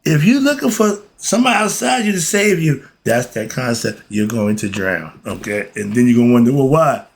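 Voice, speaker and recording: A man's voice: medium pitch, animated, moderate pace. A man teaching philosophy in a casual, emphatic way, often throwing rhetorical questions at his listeners. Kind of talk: casual spoken lesson.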